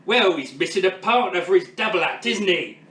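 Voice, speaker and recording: A man's voice: high-pitched, expressive, moderate pace, fairly bright tone, reverberant, distant mic. A man impersonating a cheeky 87-year-old showbiz host. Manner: quipping, teasing, showbiz patter. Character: veteran male game-show host, 87, cheeky and showy. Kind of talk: comedy sketch impression.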